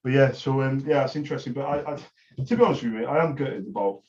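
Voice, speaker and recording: Chatty fast-talking salesman on a call. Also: mid-range voice, darkish tone, dull audio. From West Yorkshire, England. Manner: chatty, persuasive, rambling, says "mate" often. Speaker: printer supplies salesman. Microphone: phone call.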